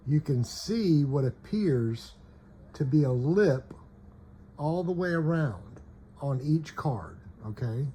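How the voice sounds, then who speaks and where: A man speaks in an unhurried, mellow voice while he shows off cards at home. He keeps checking in with "okay?" and leaves sentences unfinished. A faint hiss sits behind him. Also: mid-range voice. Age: adult parent. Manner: repeats "okay?" and trails off mid-sentence. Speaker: collector showing trading cards. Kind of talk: casual show-and-tell.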